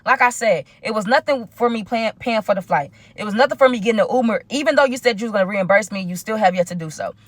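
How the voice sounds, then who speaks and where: A young woman, telling a storytime in a casual, animated way and talking straight to her viewers. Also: mid-range voice, fast talker, hardly any pauses, no room sound. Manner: animated, talks straight to viewers with lots of asides. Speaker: storytime vlogger.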